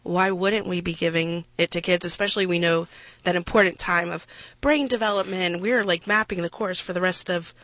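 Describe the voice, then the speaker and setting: A woman's voice: fairly low pitch, steady tone, a little fast, a bit bright, no room sound. A woman hosting a radio discussion, talking with passion and emphasis and tossing in self-deprecating asides.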